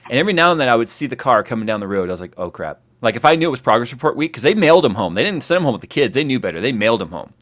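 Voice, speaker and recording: A man hosting a casual livestream chat, telling stories in an animated way and acting out the scenes. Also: mid-range voice, racing, hardly any pauses. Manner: animated storyteller who acts out scenes. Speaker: host.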